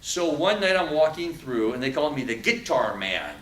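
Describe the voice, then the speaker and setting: A man giving an animated talk to a live audience, telling prison stories and acting out threats. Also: a little high, normal speed, echoey room, recorded from a distance, low-quality recording. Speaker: speaker. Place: event room with audience.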